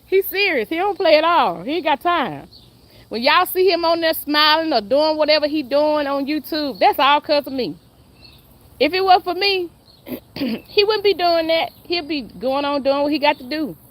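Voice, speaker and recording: A woman's voice: sits high, animated, normal speed. A woman, chatting and laughing with viewers on a casual live stream. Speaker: livestream host.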